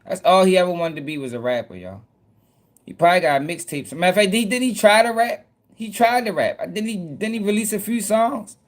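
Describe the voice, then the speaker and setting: A man's voice: high voice, fairly quick. A man hosting casual news commentary, talking bluntly in profane slang. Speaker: host.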